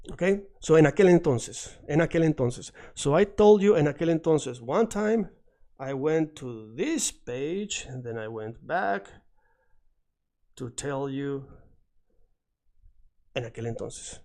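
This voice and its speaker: A middle-aged man, a native Spanish speaker, teaches an online lesson in a chatty, energetic way. His voice sits a little high but sounds mellow and warm. He drills phrases by saying them again and again.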